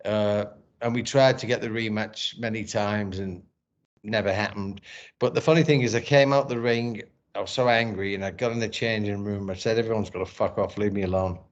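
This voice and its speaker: A middle-aged man recounts a personal story in a relaxed interview. His voice sits fairly low, and he talks candidly and emotionally, restarting sentences and swearing freely. The recording is dull and lo-fi. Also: normal speed. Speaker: podcast guest, former boxer and actor. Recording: dull lo-fi sound.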